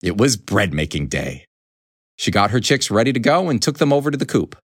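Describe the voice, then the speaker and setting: A man reading a children's storybook aloud in an expressive, animated way. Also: fairly low pitch, brisk, slightly rough, no room sound, clean studio sound.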